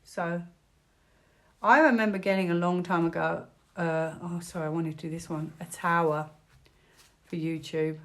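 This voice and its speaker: A British woman with a slightly low voice chats her way through a tarot reading. She rambles, circles back and fills pauses with easy conversational filler. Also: fairly even intonation, fairly bright tone. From United Kingdom. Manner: rambling, chatty, many fillers. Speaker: tarot reader. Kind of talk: casual tarot reading vlog.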